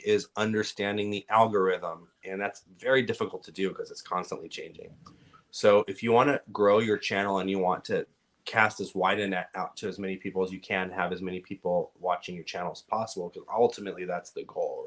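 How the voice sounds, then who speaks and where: A man with a Californian accent, a podcast guest calmly explaining things at length in casual conversation. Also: sits low. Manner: relaxed, explanatory, giving advice at length. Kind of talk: casual interview chat.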